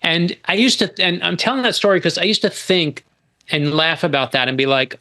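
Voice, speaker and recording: A man in his forties, a guest author, telling stories in an animated, emphatic way in casual podcast talk. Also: on the high side, brisk.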